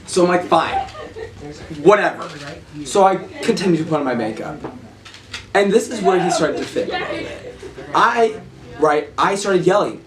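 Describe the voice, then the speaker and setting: A man's voice: high-pitched, lively intonation, normal speed, long pauses, echoey room, distant mic, crowd noise. A man telling his side of a story in a comic mockumentary interview, indignant and full of slang. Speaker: interviewee in a mock documentary.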